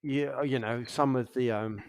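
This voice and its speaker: A man's voice: medium pitch, steady tone, unhurried, no room sound, clean studio sound. A young man co-hosting a podcast, telling rowdy stories in casual chat, laughing often and swearing freely. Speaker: podcast co-host.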